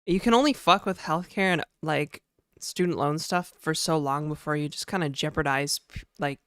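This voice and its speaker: A man's voice: on the high side, moderate pace, a bit bright, smooth, dry recording, studio quality. A young man livestreaming casually, slightly nasal from a cold, chatting and rambling as he greets viewers by name. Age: young adult. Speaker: livestreamer and game developer.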